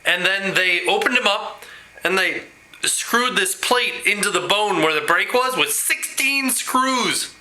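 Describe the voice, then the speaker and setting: A man talking in a rambling, animated way in a casual home video blog, quick to laugh. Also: high-pitched, low-quality recording. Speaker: vlogger. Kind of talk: casual vlog chat.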